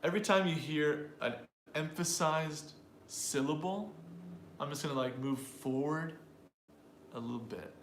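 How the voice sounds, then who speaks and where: A man's voice: a little high, unhurried, roomy sound, slight background noise. A man teaching an English pronunciation lesson to a live audience, explaining and drilling sentences aloud in an upbeat way.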